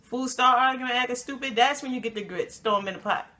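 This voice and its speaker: A woman from New York hosting a casual TV review chat, talking in an animated, slangy, emphatic way. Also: on the high side, quick pace. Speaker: host.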